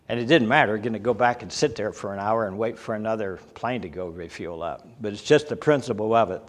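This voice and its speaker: An older man preaching a folksy sermon, telling personal stories with a chuckle. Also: mid-range voice. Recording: hall reverb.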